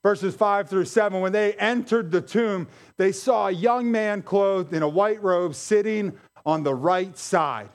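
A male pastor preaching a sermon, animated and emphatic, repeating key phrases for effect. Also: high-pitched, a little slow, hardly any pauses.

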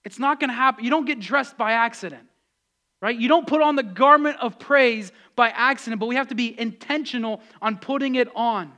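High, bright-voiced exhorting pastor. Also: male voice, brisk. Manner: exhorting, repetitive, conversational with audience asides. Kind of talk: sermon.

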